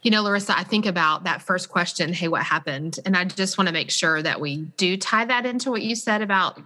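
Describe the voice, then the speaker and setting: A woman hosting a conversational podcast interview, chatty and animated, acting out example voices as she talks. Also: medium pitch, brisk. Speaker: podcast host.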